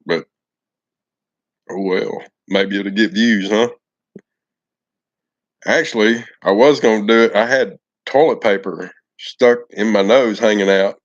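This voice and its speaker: A folksy, affectionate man talks casually to his viewers on a live stream and greets them by name. His voice sits on the low side. The audio is dull and lo-fi. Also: slow pace, pauses often.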